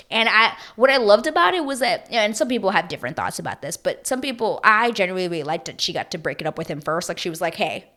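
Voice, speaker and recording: Young female vlogger, slightly low voice, gushy and rambling as she recaps a show. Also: lively intonation, fairly quick, bright, forceful tone. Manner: chatty, gushing, filler-heavy with emotional asides. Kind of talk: casual reality TV recap.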